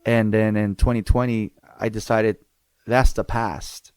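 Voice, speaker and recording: A man's voice: lowish voice, level tone, unhurried, a little mellow, smooth, no room sound. Profane storytelling podcast host, man. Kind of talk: casual chat.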